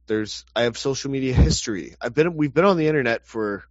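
A man's voice: medium pitch, lively intonation, a little fast, dry recording. A man with a mid-range voice, talking in a loose, rambling way full of swearing and restarts. The sound is close and dry, a touch dull and lo-fi. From Canada. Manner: rambling, profane, laughs often. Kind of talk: casual chat.

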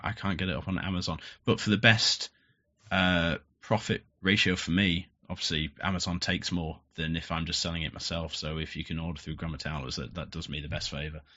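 A man's voice: sits low, bright, forceful tone. A man speaking bluntly and plainly as a guest in a casual interview. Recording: muffled lo-fi audio.

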